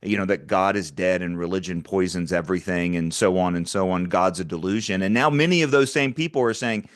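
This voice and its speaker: Low-voiced man, earnest interview guest. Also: fairly quick, few pauses, dry recording, clean studio sound. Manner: earnest, with frequent stammered restarts. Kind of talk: conversational interview.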